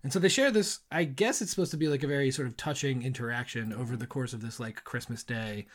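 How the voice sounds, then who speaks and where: A man's voice: mid-range voice, fast. A man hosting a podcast in casual chat, rambling with fillers and frequent laughter. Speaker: podcast host.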